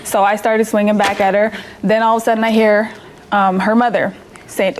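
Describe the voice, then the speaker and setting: A woman's voice: mid-range voice, flat delivery, normal speed, slight background noise, rough recording. A woman plaintiff in a TV courtroom, telling her account with many hesitations. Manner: hesitant narrating with fillers. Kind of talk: testimony in court. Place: TV courtroom set.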